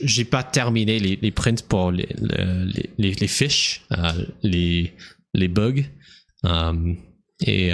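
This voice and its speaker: A young American man streaming a game, rambling and thinking aloud in a halting way. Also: deep voice. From United States. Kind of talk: casual gameplay commentary.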